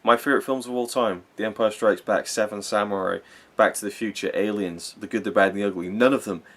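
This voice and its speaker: A man's voice: fairly low pitch, steady tone, quick pace, fairly bright tone. A young man giving a rambling, enthusiastic spoken film review, full of fillers and self-corrections.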